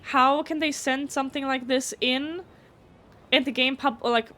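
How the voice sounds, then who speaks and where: A chatty woman streams a video game live and talks casually with her viewers. Her voice sits a bit higher than most, and her manner is blunt, with casual swearing mixed in. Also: fairly even intonation, normal speed, a bit bright. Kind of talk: casual live gameplay commentary.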